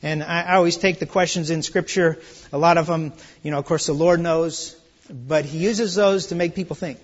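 A man preaching a conversational verse-by-verse sermon, dropping soft and low, then rising to loud, high exclamations. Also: fairly even intonation, moderate pace, highs cut off. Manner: conversational, with restarts and asides. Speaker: pastor. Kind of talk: expository sermon.

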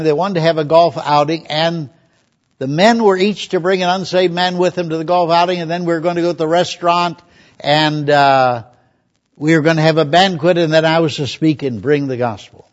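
An older male pastor with a slightly high voice delivers a conversational sermon. He tells homely anecdotes and reads Bible verses aloud. The recording sounds muffled and lo-fi. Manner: folksy storytelling, reads scripture aloud. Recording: dull lo-fi recording.

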